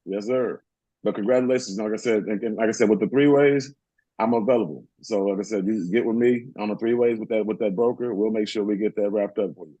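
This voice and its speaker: Call leader, male, quick and mellow-voiced, dull lo-fi call sound. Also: lowish voice, no room sound. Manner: brisk, directive, encouraging. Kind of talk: coaching on a group call.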